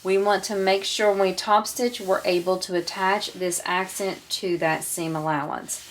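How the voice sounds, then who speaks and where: A woman of middling pitch guides viewers through a sewing project. She talks calmly and patiently, one step at a time, like an instructor working at her own table. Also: moderate pace, a little hiss or hum. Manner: calm, patient, walks through each step.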